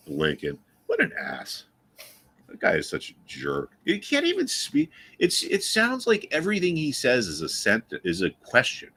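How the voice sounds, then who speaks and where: A man's voice: low voice, sharp tone. A man hosting a live trading stream, chatting casually and with strong opinions, full of restarts and fillers.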